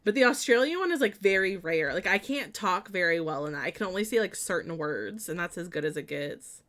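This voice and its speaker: A woman's voice: lowish voice, lively intonation, brisk, fairly bright tone. A young woman streaming a building game, chatting casually with lots of fillers and giggles.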